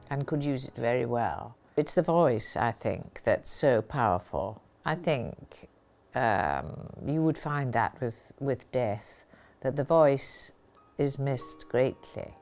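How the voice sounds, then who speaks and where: A woman's voice: very deep voice, a little mellow. A woman giving a documentary interview, reminiscing fondly. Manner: fond, reminiscing.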